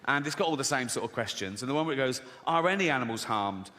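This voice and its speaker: A man's voice: medium pitch, lively intonation, fast talker, bright, forceful tone. A middle-aged man doing a stand-up comedy set, laughing at his own jokes and acting out voices. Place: large live venue before an audience. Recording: live hall reverb, faint crowd noise.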